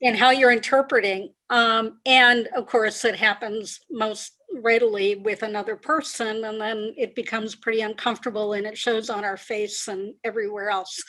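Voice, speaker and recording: A woman executive coach, a podcast guest, explaining ideas in a measured way and repeating key phrases. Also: a little high, pushed and bright. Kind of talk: conversational interview.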